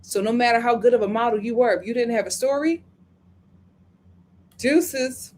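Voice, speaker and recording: A woman hosting a casual live-stream review, chatting and reading viewer comments with dramatic, animated retelling. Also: a little high, normal speed, slight background noise.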